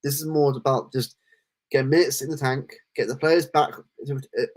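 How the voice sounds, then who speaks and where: A man co-hosting a casual football podcast, talking in animated rants full of restarts. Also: medium pitch, moderate pace. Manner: animated, ranting, lots of restarts. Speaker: podcast co-host.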